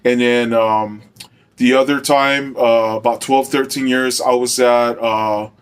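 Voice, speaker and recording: A man's voice: medium pitch, steady tone, slow pace, clear, resonant tone. Rambling middle-aged man telling a story. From Arizona. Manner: loose and rambling, heavy on fillers. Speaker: former corrections officer storyteller. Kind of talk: casual first-person storytelling.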